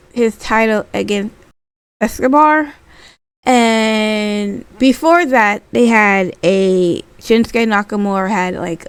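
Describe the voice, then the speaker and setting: Woman vlogger, casual wrestling recap, smooth mid-pitched voice, dry close sound, rambling delivery. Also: dry recording. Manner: chatty, rambling, lots of fillers; acts out quotes in a lively voice.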